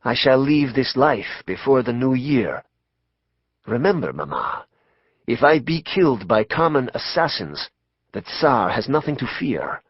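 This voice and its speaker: A man narrating an audiobook voices a grave male mystic prophesying doom, slow and hushed. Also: mid-range voice, big pitch swings, slightly rough, no echo, highs cut off. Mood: foreboding. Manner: slow, hushed, ominous delivery. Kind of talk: audiobook character voice.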